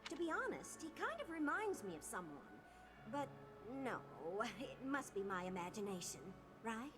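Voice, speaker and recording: A lively young student fighter. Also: female voice, on the high side, moderate pace. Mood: earnest. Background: game music.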